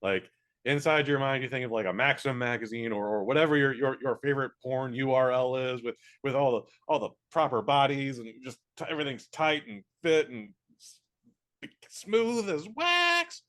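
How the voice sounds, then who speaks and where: Rambling, blunt podcast host. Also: male voice, mid-range voice, fairly quick, fairly bright tone. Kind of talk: casual comedic chat.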